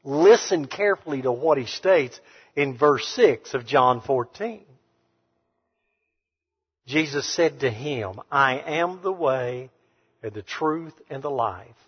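A man preaching a sermon to a congregation, emphatic, swinging between hushed and loud passages. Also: mid-range voice, expressive, slow, slightly rough. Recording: reverberant hall, dull sound.

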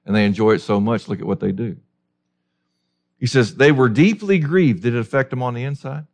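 Gravelly-voiced man preaching. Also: on the low side, brisk. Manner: emphatic, with rhetorical questions. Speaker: pastor. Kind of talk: sermon.

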